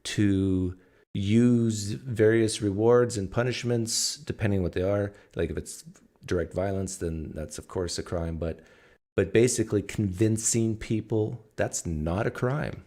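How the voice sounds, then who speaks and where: A man hosting a live stream, giving reaction commentary in a deliberate way and slowing down to stress his points. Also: sits low, mellow. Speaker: host.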